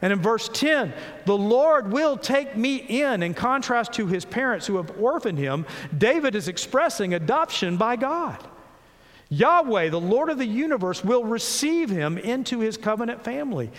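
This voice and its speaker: A man preaching a sermon, reading scripture slowly and earnestly, dropping low and soft between rising pleas. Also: sing-song, long reverb tail. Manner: earnest, slows and rises on scripture, drops low and soft on pauses.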